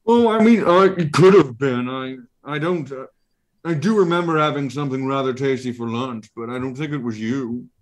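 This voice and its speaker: A pompous, genteel floating eye monster from a tabletop game, fussy and old-fashioned in its manners, as a man puts it on. The voice sits higher and louder than an everyday man's. Its phrasing stays polite and airy. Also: moderate pace, close to an everyday voice.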